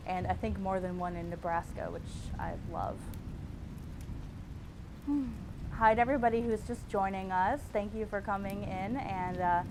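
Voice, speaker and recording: A woman's voice: mid-range voice, noisy background. A woman hosting a livestream, chatting casually in a wry, self-mocking way. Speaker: host.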